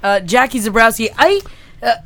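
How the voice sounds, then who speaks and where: A woman's voice: fairly high pitch, animated, normal speed, fairly bright tone. A woman guesting on a comedy podcast, teasing and giggling at the jokes. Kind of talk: casual comedy podcast banter.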